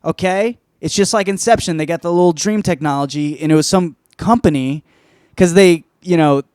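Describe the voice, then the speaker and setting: A man's voice: on the high side, normal speed, a little mellow, clean tone, dry recording, clean studio sound. A man hosting a podcast, reviewing a film in casual, rambling chat full of swearing and restarts. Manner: rambling, profane, self-interrupting. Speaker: podcast host.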